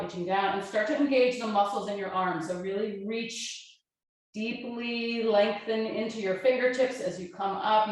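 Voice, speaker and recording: A woman teaches a yoga class, her voice sitting at an ordinary middle pitch. She cues each breath and pose in a calm, gentle way. The recording is drenched in heavy room echo. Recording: very echoey room.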